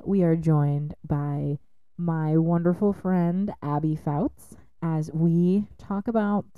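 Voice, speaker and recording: Low slow woman doing a podcast intro, stretches words out, kinda muffled dry sound. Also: no echo. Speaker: podcast host.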